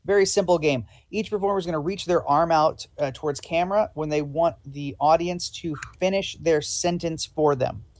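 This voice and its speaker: A man's voice: a little high, normal speed, few pauses. A man hosting a live improv show and playing a polite, hesitant casting director. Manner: polite, hesitant with many ums.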